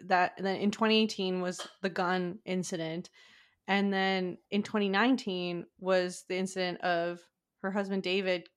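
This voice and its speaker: A woman's voice: on the low side, flat delivery, normal speed, clean tone. A woman guest on a podcast in casual chat, hedging, laughing often and restarting her sentences as she recounts.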